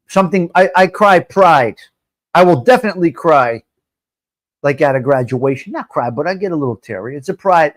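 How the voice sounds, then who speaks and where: A middle-aged man hosting a live stream, chatting casually and joking with his viewers as he talks straight to them. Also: fairly high pitch.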